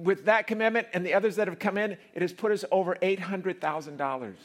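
A male pastor preaching a lively sermon to a congregation in church, swinging from quiet asides to loud, laughing, shouting peaks. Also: high voice, quick pace, few pauses. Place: church before a live congregation.

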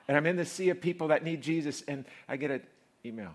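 A male pastor preaching a lively sermon to a congregation in church, swinging from quiet asides to loud, laughing, shouting peaks. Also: mid-range voice, fast talker. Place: church before a live congregation.

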